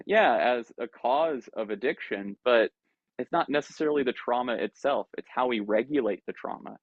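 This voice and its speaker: A man teaches a dharma talk in a loose, conversational way, often slipping into the voice of his own thoughts. His voice sits in a middle pitch. The recording is dry and a bit muffled, like a video call. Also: creaky, dry recording. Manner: conversational, animated, acts out inner voices. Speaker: Buddhist teacher. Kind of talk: dharma talk to an online group.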